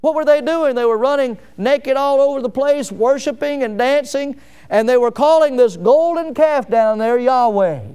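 High, clear-voiced man preaching. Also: moderate pace, warm tone. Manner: emphatic, full of rhetorical questions. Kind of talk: sermon.

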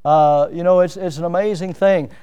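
High-voiced, smooth-toned preaching man. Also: steady tone, moderate pace, mellow. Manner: preaching with rising, emphatic outbursts; self-deprecating humor. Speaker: pastor. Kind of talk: sermon.

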